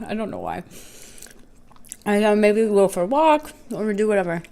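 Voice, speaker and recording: A woman talking casually into the camera during an eating show, telling a story in a loose, rambling way. She quotes herself and others as she goes and keeps a relaxed, chatty flow. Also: mid-range voice, moderate pace. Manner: chatty filler-heavy talk with restarts. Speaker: mukbang vlogger.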